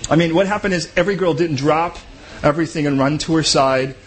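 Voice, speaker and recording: A man preaching a sermon in a conversational, joking way, acting out quick little voices. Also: on the high side, soft background music. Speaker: pastor.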